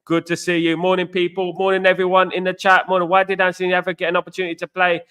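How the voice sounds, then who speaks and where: A man's voice: high voice, monotone, quick pace, bright, forceful tone, smooth. A man hosting a live fan stream, greeting chat viewers by name and talking through a match in a loose, chatty way. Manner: chatty, greets viewers by name, frequent "you know what". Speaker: fan channel host.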